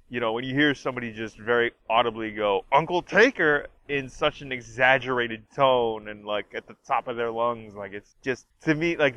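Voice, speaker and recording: A man talks through a trailer in a loose, rambling way, leaning on fillers as he goes. His voice is bright and forceful. The recording sounds dull and a little lo-fi, with faint noise behind him. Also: medium pitch. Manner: rambling, heavy use of fillers like "like" and "you know". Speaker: wrestling fan reviewing a trailer. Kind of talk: casual spoken review.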